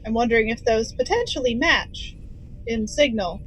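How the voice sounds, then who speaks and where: A woman playing an earnest golden android officer in a tabletop game, halting and thinking aloud. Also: on the high side, expressive, fairly bright tone, a little hiss or hum, low-quality recording. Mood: musing. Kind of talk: tabletop role-play in character.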